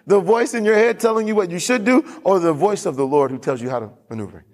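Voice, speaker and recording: A male pastor delivering a sermon to his church, pressing each point home by repeating it. His voice sits somewhat high for a man, and he moves between plain talk and reading scripture aloud. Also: lively intonation, fairly quick, darkish tone. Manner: emphatic preacher, repeats lines, reads scripture aloud.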